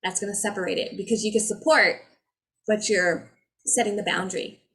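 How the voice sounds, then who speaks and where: A woman's voice: mid-range voice, fairly even intonation, fairly quick, a bit bright. A woman speaking as a spiritual energy healer, in a casual, heartfelt talk to her viewers, effusive and rambling with frequent restarts.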